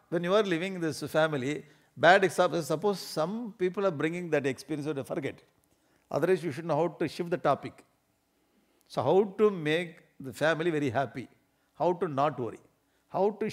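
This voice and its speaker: A spiritual teacher with an Indian English accent delivers a discourse full of humor. His voice sits slightly on the high side for a man. He laughs often and slips into small acted-out scenes to make his points. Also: fairly quick. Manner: animated, laughs often, acts out everyday scenes.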